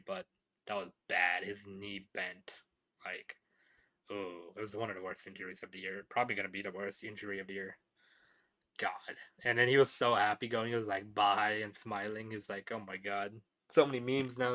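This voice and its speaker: Bright-toned man rambling about football. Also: fairly low pitch. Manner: rambling, many fillers and restarts. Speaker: podcast host. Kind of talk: casual sports talk.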